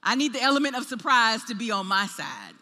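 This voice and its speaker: A woman preaching a sermon, telling a personal story in an animated way and acting out the voices in her quotes. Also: on the high side, a little fast, big-room sound.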